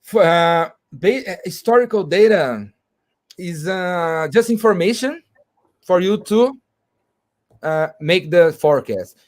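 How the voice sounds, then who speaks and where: A man explains a business topic, stopping and restarting his phrases often. His voice sits a little high for a man. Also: expressive, a little mellow. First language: Portuguese. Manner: halting, with frequent restarts and fillers. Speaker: guest speaker. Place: video call.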